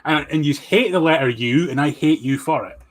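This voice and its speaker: A man's voice: a little high, fairly quick, heavy background noise. A man joking in a casual group chat with dry, mock-indignant humor.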